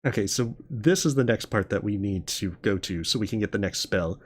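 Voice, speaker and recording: A man's voice: fairly low pitch, brisk, husky. Chuckling man commenting on a game. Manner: chuckling, reads on-screen game text aloud. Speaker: let's play host. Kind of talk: casual gameplay commentary.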